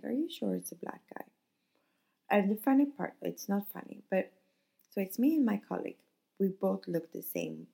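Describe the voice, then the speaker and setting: A woman's voice: on the low side, gravelly, warm tone, slightly rough. A woman from northern Europe hosting a podcast, telling a story in an earnest, heartfelt way and acting out the quotes. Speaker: podcast host. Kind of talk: casual storytelling monologue.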